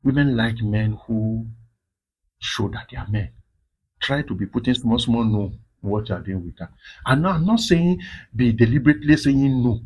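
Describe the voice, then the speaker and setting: A man hosts a marriage advice talk in a husky, slightly breathy voice. He talks in a lively, preachy way and scatters pidgin asides through his points. His pitch sits in a middling range. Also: normal speed, low-quality recording. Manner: animated, preachy, with pidgin interjections. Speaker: relationship advice host. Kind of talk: casual advice monologue.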